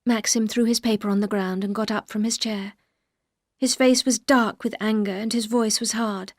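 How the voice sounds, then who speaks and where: A woman narrating a classic novel aloud in a calm, steady storytelling voice. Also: medium pitch, normal speed, no room sound, clean studio sound. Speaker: audiobook narrator.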